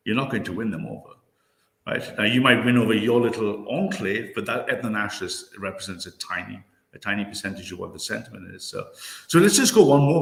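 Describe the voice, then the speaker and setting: Brief: rapid-fire male host, punchy rhetorical delivery, roomy echo on the mic. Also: fairly low pitch, creaky. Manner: forceful, rhetorical, repeats "right?". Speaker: host of a political talk stream. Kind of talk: livestream panel discussion.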